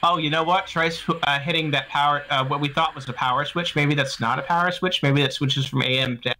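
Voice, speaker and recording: A man's voice: a little high, steady tone, a little fast, pushed and bright, low-quality recording. A man playing a game alongside a streamer, chatting casually with teasing, dry quips. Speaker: co-player. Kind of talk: casual let's-play chat.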